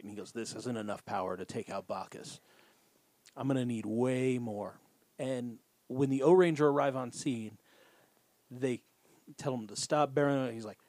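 A man's voice: medium pitch, a little mellow, no echo. A man casually recapping a show's plot step by step with a co-host.

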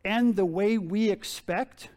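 A male pastor preaching in a loose, conversational way, with a notably high voice. He repeats his key phrases and keeps putting rhetorical questions to his listeners. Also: slow pace, a little mellow. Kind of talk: sermon.

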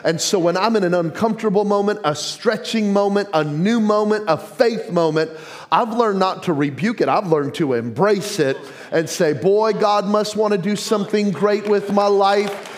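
High-voiced pastor preaching with rising passion. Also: male voice, normal speed. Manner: passionate, builds to yelling; self-deprecating asides. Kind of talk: sermon.

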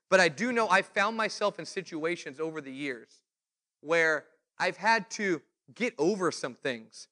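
A male preacher giving a sermon, telling stories and acting out the people in them. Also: high voice. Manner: animated storytelling, acts out quoted voices.

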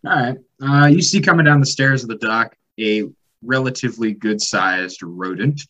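Bright-voiced male game master. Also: medium pitch, moderate pace, dull audio. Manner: relaxed, describing scenes and rulings. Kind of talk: running a tabletop game.

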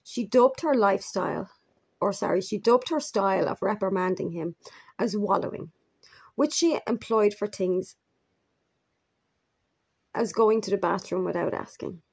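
A woman narrating a true crime story in a measured, grave manner with brief asides. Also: medium pitch, vocal fry, darkish tone, slightly rough.

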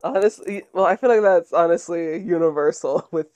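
A young adult co-host on a podcast with a mellow, darker voice. Talks in a relaxed way, teasing a friend. The pitch sits in the middle. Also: normal speed. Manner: laid-back, teasing, frequent laughter. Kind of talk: casual chat.

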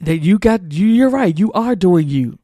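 A man's voice: high voice, lively intonation, normal speed, warm tone, no room sound, clean studio sound. A man hosting a podcast, preaching a monologue in an emphatic, colloquial, repetitive cadence. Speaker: podcast host.

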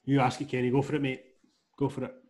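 A man's voice: mid-range voice, monotone, fast, a little mellow. A Scottish man hosting a podcast in friendly, jokey casual chat, leading the questions. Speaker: podcast host.

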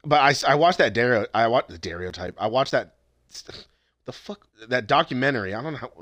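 A man's voice: medium pitch, animated, fairly quick, fairly bright tone, dry recording. A young man chatting casually and profanely, rambling with frequent restarts. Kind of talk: casual chat.

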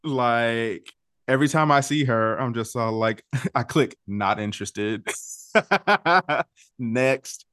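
A man co-hosting a casual pop culture podcast, talking in an animated, gossipy way with quick asides and laughs. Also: mid-range voice, dry recording, clean studio sound. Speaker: podcast co-host.

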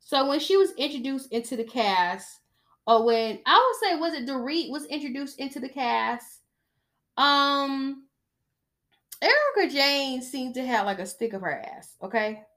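Woman, podcast host, casual gossip talk, blunt and emphatic, slightly high voice. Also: animated, measured pace, a bit bright. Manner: blunt, chatty, emphatic with frequent "okay?" asides.

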